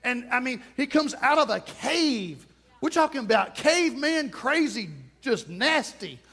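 A man's voice: extremely high pitch, lively intonation, a little slow, bright, forceful tone, breathy edge. A man preaching a sermon, emphatic and repetitive, with touches of humor.

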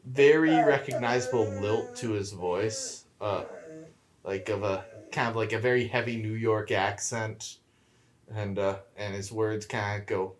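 A man's voice: fairly low pitch, a little slow. Man chatting loosely on a podcast. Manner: relaxed, rambling, many "like" fillers. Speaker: podcast co-host. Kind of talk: casual chat.

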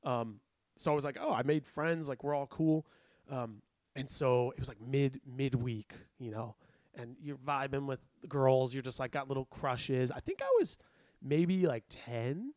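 A young man telling a story in casual chat, animated and laughing often as he acts out quotes. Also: medium pitch, unhurried, dry recording, studio quality. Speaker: podcast co-host.

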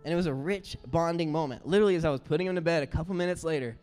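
A man preaching a sermon as pastor, telling stories in an earnest, animated way. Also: fairly high pitch, very fast, clear, resonant tone. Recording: roomy hall with faint music.

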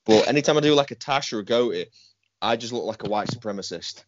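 A man's voice: medium pitch, lively intonation, quick pace, dry recording, dull audio. A man co-hosting a podcast who teaches martial arts, talking bluntly and often laughing and swearing. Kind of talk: casual chat.

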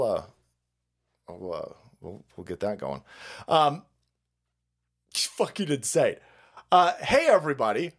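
A man hosting a livestream, ranting with heavy profanity and mocking laughter. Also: fairly high pitch. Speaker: streamer host.

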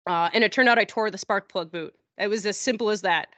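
A woman on a podcast telling a long story in casual chat, rambling and acting out what people said in a higher voice. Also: quick pace, fairly bright tone, dry recording. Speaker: podcast host. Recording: dull, dry lo-fi audio.

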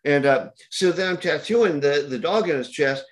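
A man, a tattoo artist guest on a podcast, telling an animated story in casual chat with lots of fillers. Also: fairly high pitch, normal speed.

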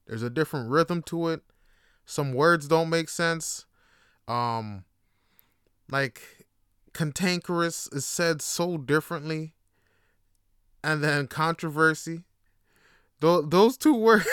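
A young man hosting a casual solo podcast, telling slangy, animated stories and laughing often. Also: fairly high pitch, slow pace, pauses often, smooth, dry recording, studio quality. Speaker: podcast host.

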